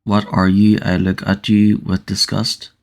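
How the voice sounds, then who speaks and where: A man's voice: lowish voice, monotone, a little slow, creaky. A man reading a novel aloud on a livestream and chatting with viewers, hesitant with many fillers and restarts. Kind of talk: audiobook-style reading and casual chat.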